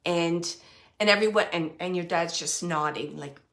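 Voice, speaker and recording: A woman working as a psychic medium, giving an earnest, emotional spirit reading. She laughs often and sometimes drops to a soft hush. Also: fairly low pitch, moderate pace. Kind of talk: live spirit reading for a sitter.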